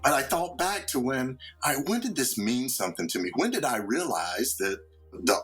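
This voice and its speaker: A man's voice: mid-range voice, very animated, moderate pace, fairly bright tone. A man in casual podcast chat with a wry, teasing, theatrical way of talking.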